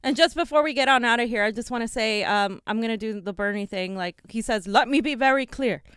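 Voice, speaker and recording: Co-host, female, earnest and urging, casual chat; a bit high-pitched, close dry mic. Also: fast talker, fairly bright tone, clean tone, no echo. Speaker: political show co-host. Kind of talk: casual live-stream chat.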